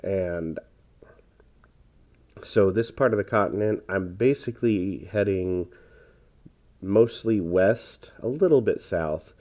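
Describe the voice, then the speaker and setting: A man giving relaxed, rambling commentary over his own gameplay, tired and hesitant, with many fillers. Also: low-pitched, slow, long pauses. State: tired, yawning. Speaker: gaming commentator.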